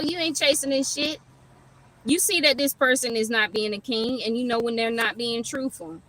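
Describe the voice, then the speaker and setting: A woman's voice: fairly high pitch, bright, forceful tone, poor audio. A woman giving a casual livestream tarot reading, rambling and profane, laughing as she tells stories. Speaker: tarot reader.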